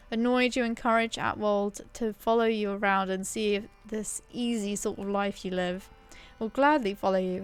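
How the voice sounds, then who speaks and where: A woman's voice: medium pitch, clean tone, natural voice. A woman reading the lines of a gloomy male minstrel in a fantasy game, in a mournful half-sung recitation.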